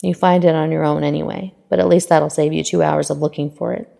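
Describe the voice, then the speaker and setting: Woman voicing a cranky elderly man, curt and swearing, gravelly, mellow low tone, long reverb. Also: level tone, fairly quick, full character voice. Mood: gruff. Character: cranky grouchy elderly man, gruff but tender. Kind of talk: fan fiction reading.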